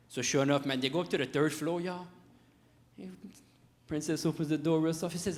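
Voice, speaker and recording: A man's voice: on the high side, fairly quick. A man with a Cajun accent telling a folksy stand-up story on stage, talking straight to the audience. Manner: folksy, chatty, addresses audience as y'all. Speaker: stand-up comedian. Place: comedy stage.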